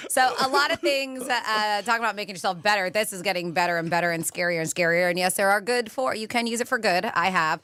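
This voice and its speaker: A woman's voice: medium pitch, quick pace, few pauses, pushed and bright, a little hiss or hum. A woman co-hosting a radio show in a studio, chatting and reading out news items and listener texts. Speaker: radio co-host. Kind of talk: casual talk radio banter. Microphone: studio microphone.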